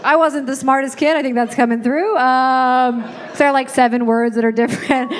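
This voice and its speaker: A woman's voice: high voice, fairly even intonation, moderate pace, noisy background. An Irish-born woman in her thirties with an American accent, doing a chatty, self-deprecating stand-up set on a club stage. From Ireland. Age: 30s. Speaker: stand-up comedian. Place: comedy club stage with live audience. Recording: live club audience laughing.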